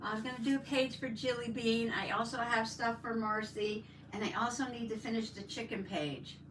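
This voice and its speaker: An older woman hosting a casual crafting livestream, chatting warmly and greeting viewers by name as she reads the chat. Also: a little high, moderate pace. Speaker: livestream host. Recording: roomy, distant mic, faint background noise.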